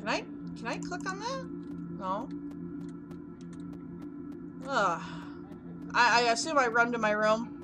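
High-pitched jittery woman swearing at a horror game. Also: big pitch swings, slow pace, long pauses, over loud music. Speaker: gaming youtuber.

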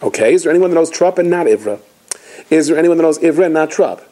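A man's voice: on the high side, fast talker, low-quality recording. A man, a rabbi, giving an inspirational holiday talk, telling stories animatedly and acting out the quotes. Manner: animated storytelling with acted quotes.

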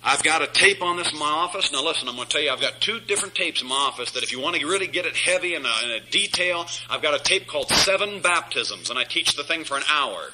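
A man's voice: a little high, expressive, fast talker, few pauses, background noise. A middle-aged man preaching an emphatic Bible study sermon as pastor, chuckling at his own jabs.

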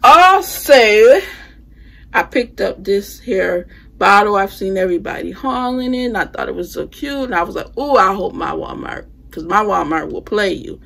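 A woman with a gravelly, slightly bright mid-range voice speaks in a sing-song way at a moderate pace. She's a home decor vlogger casually showing her holiday purchases, chatting with "you guys" and saying things like "y'all" and "I'ma."

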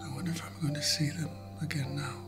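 An older actor playing a dying father who reminisces to his son, gentle and rueful, often chuckling softly as he tells stories. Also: a little high, little pitch movement, quick pace, music in the background, natural voice. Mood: wistful. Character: regretful dying father, wry storyteller. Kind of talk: film drama dialogue.

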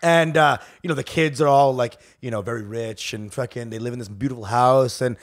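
A man's voice: medium pitch, fairly quick. Raunchy, laughing podcast co-host man. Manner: profane, laughing storytelling with mock voices. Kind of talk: casual comedic chat.

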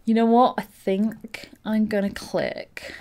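A young woman, a let's play host, giving gushing, excitable gameplay commentary full of exclamations. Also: mid-range voice, takes it slowly.

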